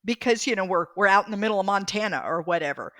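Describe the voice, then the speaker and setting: A woman author from the States talks through her story in a podcast interview, openly emotional and animated. Her voice sits in a middle register, recorded dry and close. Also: medium pitch, fast talker, no echo. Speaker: author and guest.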